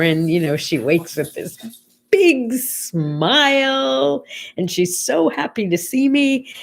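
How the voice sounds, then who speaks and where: A woman's voice: medium pitch, a little mellow. An older woman hosting a casual morning chat show, telling stories in a chatty way and quoting people as she goes. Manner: chatty storytelling, quotes others in conversation. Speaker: host.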